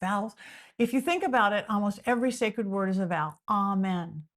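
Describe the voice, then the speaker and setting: This middle-aged Southern California psychic medium, a podcast guest, talks at a quick pace in a mid-range voice. Her explanations are animated and casual, punctuated by frequent restarts.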